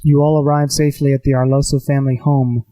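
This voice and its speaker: A man running a tabletop game as game master, narrating scenes calmly with some filler words. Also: medium pitch, fast.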